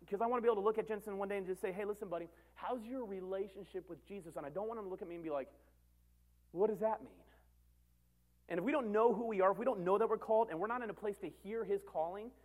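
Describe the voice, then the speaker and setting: A man in his thirties, a pastor preaching a sermon in an earnest way, repeating phrases for emphasis and swinging between loud and soft. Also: sits high.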